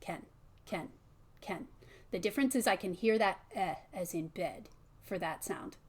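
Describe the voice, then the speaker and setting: A woman's voice: mid-range voice, expressive, husky. Patient woman coaching pronunciation. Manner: patient, models sounds slowly and softly. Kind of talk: one-on-one pronunciation lesson.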